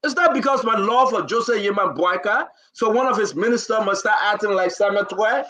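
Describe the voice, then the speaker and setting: A Liberian man with a high, piercing voice speaks in a declamatory political address. He is emotional and holds back tears, hammering home his points by repeating phrases. His tone is bright and forceful throughout. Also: fairly quick. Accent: Liberian English. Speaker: talk show host. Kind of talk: impassioned political speech.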